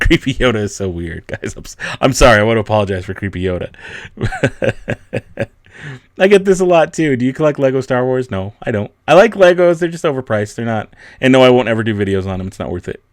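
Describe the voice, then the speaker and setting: A man's voice: medium pitch, lively intonation, fairly quick, no echo. Young guy streamer rambling and laughing a lot, medium voice, dry close mic. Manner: laughs often, chatty, rambling, self-deprecating. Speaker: livestream host. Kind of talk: casual livestream chat.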